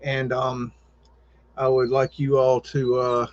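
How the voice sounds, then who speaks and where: A man hosting a live stream in casual chat, rambling and halting with lots of fillers and restarts. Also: medium pitch, monotone. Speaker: livestream podcast host. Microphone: home computer setup with webcam. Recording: dull lo-fi stream audio.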